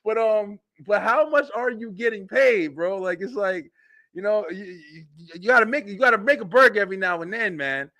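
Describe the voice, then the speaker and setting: A young man hosts a web show, telling funny stories in a loose, profane style at normal speed and laughing often. He's animated, his voice jumping high when he gets excited, and there's no room sound.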